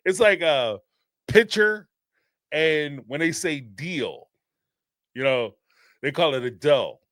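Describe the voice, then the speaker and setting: A man's voice: a little high, moderate pace, dry recording, clean studio sound. A man hosting a live call-in show, talking in a casual, rambling way and laughing often. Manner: animated and rambling, laughs often, acts out quotes. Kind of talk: casual commentary on a live stream.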